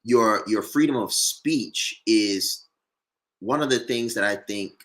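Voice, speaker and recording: A man's voice: medium pitch, a bit bright. A man, a former rapper turned entrepreneur, talking earnestly in a casual discussion, repeating words as he builds his points.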